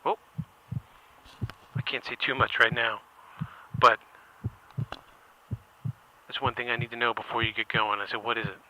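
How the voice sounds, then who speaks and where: Playful male podcast host, bright voice. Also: mid-range voice, fairly even intonation, a little slow, pauses often. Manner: playful, acts out both sides of a phone call with shouted swearing. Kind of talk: improvised comedic phone-call story.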